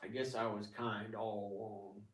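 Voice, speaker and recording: A man's voice: fairly low pitch, flat delivery, unhurried. A man rambling casually in a vlog, laughing often and poking fun at himself, in a house with big ceiling beams. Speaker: vlogger. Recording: echoey room, distant mic.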